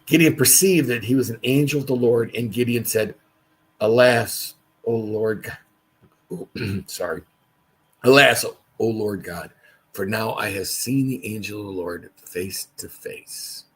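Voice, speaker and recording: Husky-voiced man leading a Bible study. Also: lowish voice, measured pace. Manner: conversational, reads scripture aloud with asides. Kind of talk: casual livestream Bible study.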